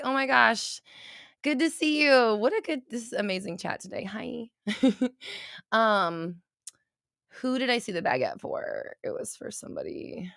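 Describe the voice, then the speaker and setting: A woman hosting a casual livestream and doing intuitive readings for her chat, rambling, swearing freely and breaking into loud laughter. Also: mid-range voice, clean tone, no room sound, clean studio sound.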